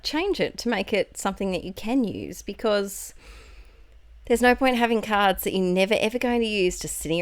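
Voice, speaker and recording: A woman's voice: medium pitch, dry recording. An Australian woman chatting through a casual voiceover for her craft video, rambling and correcting herself with little laughs. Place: home, recorded at night.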